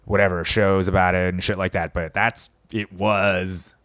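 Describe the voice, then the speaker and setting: A man's voice: sits low, level tone, moderate pace, a bit bright, no room sound. A man in his thirties ranting casually and profanely, mocking politicians in put-on voices. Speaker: podcast host. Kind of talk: casual rant.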